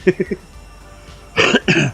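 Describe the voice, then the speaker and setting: A man's voice: drawn-out words, pushed and bright, faint music behind, poor audio. A man streaming a flight game, chatting casually and rambling through stories with the odd swear word. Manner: laid-back rambling storyteller, swears casually.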